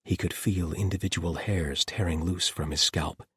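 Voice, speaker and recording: Low, husky male narrator reading fantasy, dry close mic, steady delivery. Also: normal speed, no echo. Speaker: audiobook narrator. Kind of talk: scripted audiobook narration.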